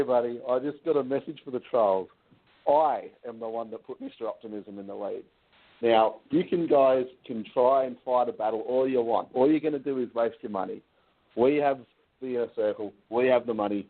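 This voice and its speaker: A man leaving a voicemail for a radio show, calm, boastful and threatening. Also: mid-range voice. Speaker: caller. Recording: tinny phone line.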